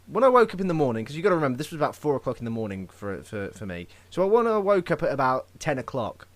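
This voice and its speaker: A man's voice: medium pitch, very animated, rapid-fire, dry recording. A young man hosting a casual podcast, joking and rambling in a loose, chatty way. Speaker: podcast host.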